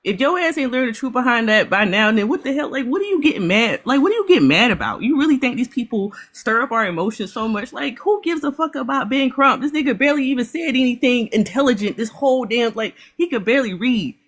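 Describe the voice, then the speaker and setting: A woman's voice: a little high, animated, a bit bright. Woman in an angry, profane rant. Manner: profane, fast ranting. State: upset, apologetic. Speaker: panelist. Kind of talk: heated reaction commentary.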